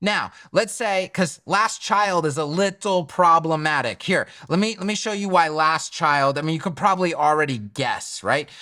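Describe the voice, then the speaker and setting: A man walks through a coding tutorial in an informal, excitable way, tossing in jokes and emphatic asides. His voice is bright and forward and sits a little high. He talks straight to the viewer as he works at his computer. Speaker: web design instructor. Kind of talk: screen-recorded coding tutorial.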